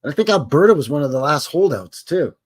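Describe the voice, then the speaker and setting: A man's voice: a little high, sing-song, fast. A man hosting a casual livestream, rambling and joking as he acts out little voices. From Canada. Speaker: livestream host.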